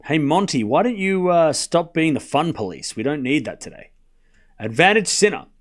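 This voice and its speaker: Excitable man calling tennis live. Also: on the high side. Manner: rapid rally calling, bursts into excited shouting on big points; teasing banter with chat. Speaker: live tennis watchalong commentator. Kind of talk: live stream play-by-play commentary.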